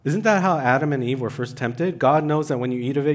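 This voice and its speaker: A young adult man preaching a sermon in an animated way, his voice climbing for emphasis and mixing in self-deprecating asides. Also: medium pitch, fast, few pauses. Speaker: pastor.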